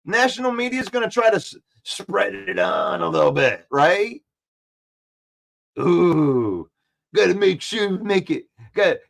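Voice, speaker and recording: High-voiced, excitable sports-talk man. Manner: excitable, trash-talking, repeats himself. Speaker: sports show host.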